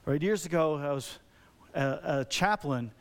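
A man preaching a sermon as a pastor, talking conversationally with many rhetorical questions and lively, animated delivery. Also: a little high, measured pace.

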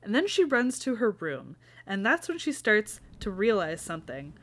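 A young woman talks in a relaxed, chatty way, walking through a book's plot for a podcast. Her pitch sits in a plain middle range, and she drops in casual swearing as she goes. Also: normal speed. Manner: casual, swears, retells scenes with quoted lines. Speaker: podcast co-host. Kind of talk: casual chat recapping a book.

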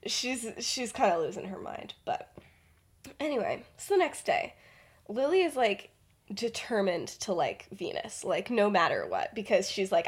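A woman's voice: mid-range voice, sing-song, a little slow, husky. Chatty young woman rambling through a story. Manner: chatty, rambling, many fillers and laughs. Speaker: podcast host. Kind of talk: casual storytelling.

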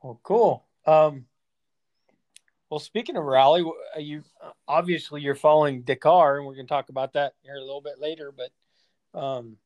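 A man hosting a podcast in casual chat, relaxed and hesitant with fillers. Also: fairly high pitch, normal speed. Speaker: podcast host.

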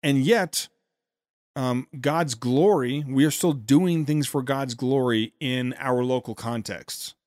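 A man hosting a podcast, giving sarcastic commentary on a played speech with quick asides and restarts. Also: medium pitch, a little mellow, no echo, clean studio sound. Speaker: podcast host.

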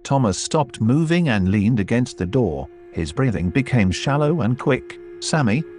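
A man's voice: medium pitch, very animated, moderate pace, a little mellow. A man narrating a first-person horror story and voicing its dialogue. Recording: faint music underneath.

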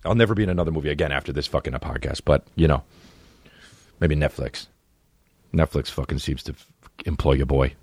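A man hosting a podcast, rambling through an excitable and profane comedic monologue. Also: extremely low pitch, fairly quick, pauses often, slightly rough, dry recording. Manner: excitable, rambling, heavy swearing. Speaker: podcast host.

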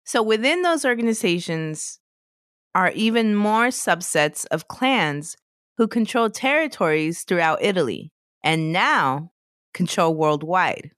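A woman's voice: lowish voice, expressive, unhurried, fairly bright tone, no echo. Chatty woman podcast host, dry close sound. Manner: laughs often, loose conversational narration. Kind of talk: casual podcast chat and storytelling.

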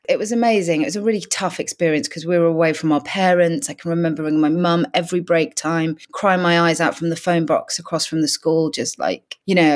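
Tired, rambling woman from North Wales. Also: low-pitched. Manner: reflective, rambling, self-deprecating. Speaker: actress guest. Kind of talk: candid podcast interview.

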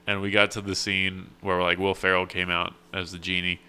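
A young man with a very low voice that is still bright and crisp in tone. He talks casually, throwing in blunt, dry jokes. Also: little pitch movement, moderate pace. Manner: dry, blunt one-liners. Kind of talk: casual chat.

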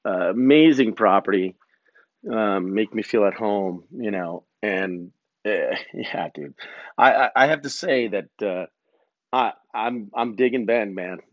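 A man's voice: fairly low pitch, unhurried, no room sound. A man hosting a podcast, telling a long casual story in a rambling, slangy way, laughing between phrases. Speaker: podcast host. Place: home property, outdoors break. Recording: dull, dry lo-fi recording.

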